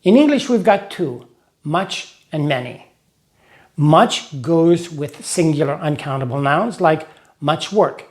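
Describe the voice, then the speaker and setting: A man teaching English grammar to Russian speakers, explaining slowly through examples and small rhymes. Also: fairly high pitch, lively intonation. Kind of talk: scripted lesson narration.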